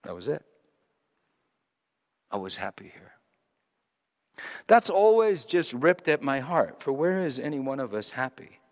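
A man's voice: on the high side, very animated, moderate pace, few pauses. A middle-aged man preaching a sermon in a conversational storytelling way, often restarting his phrases. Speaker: pastor. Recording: long reverb of a large hall.

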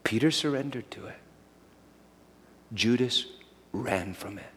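A man preaching a sermon as a pastor, shifting from dramatic storytelling to soft, meditative guidance. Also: mid-range voice, animated, unhurried, husky. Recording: long hall reverb.

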